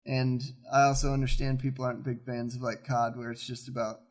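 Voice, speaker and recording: A man's voice: mid-range voice, flat delivery, brisk. A young man co-hosting an esports news recap in an easygoing, casual way. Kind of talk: casual chat.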